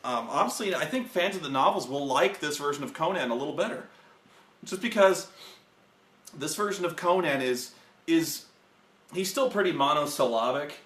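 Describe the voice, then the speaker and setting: A man co-hosting a casual film review, rambling and swearing, acting out movie scenes with loud yells. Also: a little high, lively intonation, normal speed, echoey room.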